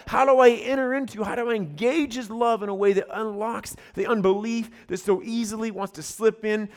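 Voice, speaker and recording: A man preaching a sermon, telling stories with acted-out voices and dropping into quiet asides. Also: sits high, in a large hall. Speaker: pastor.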